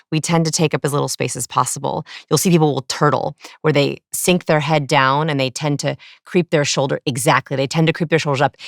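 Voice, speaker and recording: Low-voiced woman explaining eagerly. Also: creaky, no echo, studio quality. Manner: animated, explanatory, acts out examples. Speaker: guest, body language expert. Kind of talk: interview explaining.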